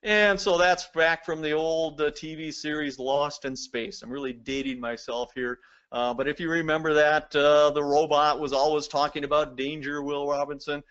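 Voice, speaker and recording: Slightly high-voiced man presenting a lecture. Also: fairly even intonation, moderate pace, fairly bright tone, clean tone, highs cut off. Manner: explanatory, addresses viewers directly. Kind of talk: recorded lecture.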